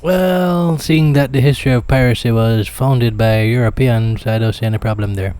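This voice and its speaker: A man's voice: medium pitch, normal speed, a little mellow. Blunt teasing man from Jamaica. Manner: blunt, teasing, no-holds-barred. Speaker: reaction video host. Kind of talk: casual commentary reacting to a clip.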